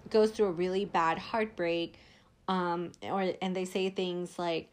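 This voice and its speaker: A woman's voice: fairly low pitch, fairly even intonation, a little slow. A young woman hosting a podcast as a life coach, talking casually with lots of "like" fillers and acting out inner voices. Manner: chatty, frequent "like" fillers, acts out inner voices.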